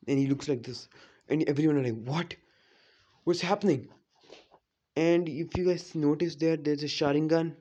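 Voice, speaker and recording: A man's voice: medium pitch, dark tone. Man, casual rambling storyteller, lots of fillers, slightly muffled lo-fi sound. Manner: rambling, heavy on "you know, like" fillers. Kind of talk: casual retelling of a fan story.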